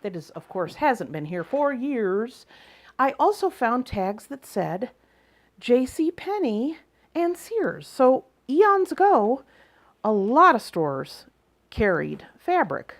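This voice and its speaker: A woman's voice: fairly high pitch, very animated, slow pace. A middle-aged woman chatting through a haul video, telling stories in a chatty way and acting out the people she talks about. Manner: chatty, exasperated retelling with quoted exchanges. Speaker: reseller vlogger. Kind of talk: casual haul vlog storytelling.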